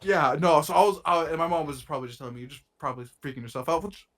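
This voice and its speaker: Racing along in a fairly high, bright voice, a young podcast co-host rambles through a story in casual chat. He swears a lot and uses plenty of slang, and his nose seems a bit stuffy.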